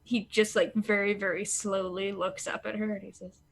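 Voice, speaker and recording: A woman player describing her character's actions in a tabletop game, casual and halting. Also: mid-range voice, flat delivery, a little hiss or hum.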